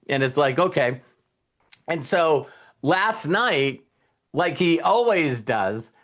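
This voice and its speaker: A man hosting a live online mentoring session, telling stories in a chatty way and speaking straight to his audience. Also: fairly high pitch. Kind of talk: casual motivational talk.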